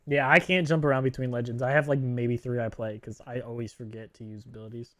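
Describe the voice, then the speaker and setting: A man's voice: medium pitch, steady tone, quick pace, fairly bright tone, dry recording. A man streaming a video game, chatting casually with a teammate, joking and swearing offhandedly. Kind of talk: casual gaming chat.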